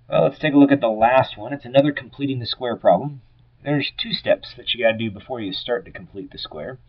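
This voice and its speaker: Low husky man explaining math steps. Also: lo-fi sound. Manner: casual, step-by-step explaining with trailing-off phrase ends. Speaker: math teacher. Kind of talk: recorded lesson working problems aloud.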